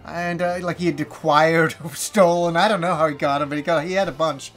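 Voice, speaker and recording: A man in his forties telling a story to camera as a vlogger, animated and laughing, swearing freely. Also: fairly high pitch, a little fast, faint music behind.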